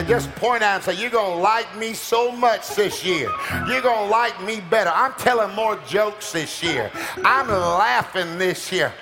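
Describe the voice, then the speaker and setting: High-voiced gravelly preacher over music. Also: male voice. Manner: call-and-response, leading the congregation in declarations; rising into shouts on declarations. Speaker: pastor. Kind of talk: sermon. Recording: music playing behind.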